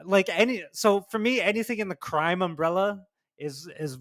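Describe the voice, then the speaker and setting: Male podcast co-host, slightly high voice, rambly and loose, dry close sound. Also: moderate pace, a bit bright, no room sound. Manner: rambling, heavy use of like and you know. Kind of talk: casual podcast chat.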